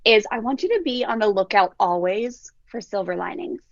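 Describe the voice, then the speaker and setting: A woman's voice: mid-range voice, moderate pace, no room sound, muffled recording. A woman parenting coach telling stories on a podcast, acting out children's voices as she goes. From Southern California. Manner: animated storyteller who acts out kids' voices. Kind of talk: podcast conversation.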